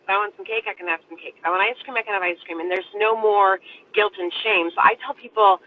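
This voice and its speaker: A woman's voice: medium pitch, fairly even intonation, quick pace, a little hiss or hum. Woman host on a tinny phone-like line. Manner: earnest, open, speaks in repeated parallel phrases. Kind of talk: candid personal storytelling in a live interview. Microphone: video call.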